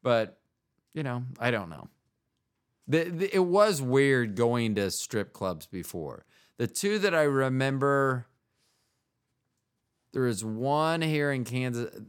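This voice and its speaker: A man's voice: mid-range voice, very animated, slow pace, long pauses, smooth. A man hosting a podcast, telling jokes and rambling in casual chat, often trailing off mid-sentence. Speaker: podcast host.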